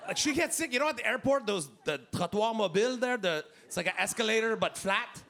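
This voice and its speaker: A man in his fifties with a Québécois French accent doing a loud, animated stand-up set, shouting his punchlines. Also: high-pitched, fairly quick, gravelly. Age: 50s. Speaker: stand-up comedian. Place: comedy club stage. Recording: live club with loud crowd laughter. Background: audience laughing.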